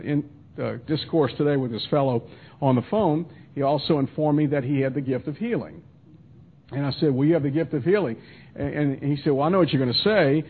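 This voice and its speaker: A man's voice: fairly high pitch, slightly rough. A man teaching verse by verse through a Bible passage in a conversational manner with frequent restarts and asides, heard as a radio broadcast. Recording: tinny phone-line radio broadcast.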